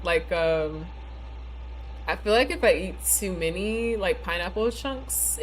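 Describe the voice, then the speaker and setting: A woman livestreaming a game chats casually in a low-sounding, slow voice, filling her talk with "like" and "you know." A bitten tongue leaves her words a little slurred, and there's slight noise in the background.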